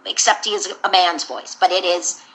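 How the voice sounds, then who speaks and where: A woman voice actor sits for an interview and recounts her career in a candid, wandering way. Her voice sits a little low for a woman but comes out bright and forceful. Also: brisk, rough recording. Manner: candid, rambling storyteller.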